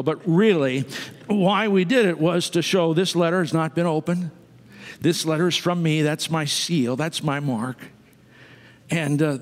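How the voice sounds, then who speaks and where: A man preaching a sermon to his congregation, conversational, with asides to the people in the pews. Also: a little high. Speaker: pastor. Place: church sanctuary. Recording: long reverb of a church sanctuary.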